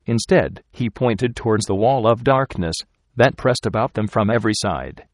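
Low-voiced man narrating a story. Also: normal speed, no echo, studio quality. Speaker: audiobook narrator. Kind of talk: scripted narration.

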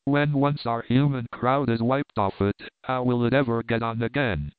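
A laconic, practical adventurer lord, as a man reads him aloud, drawling slow, offhand remarks. His voice is smooth and clear, and the recording sounds dry and phone-thin. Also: mid-range voice, fairly even intonation, dry recording, narrow, tinny audio, natural voice.

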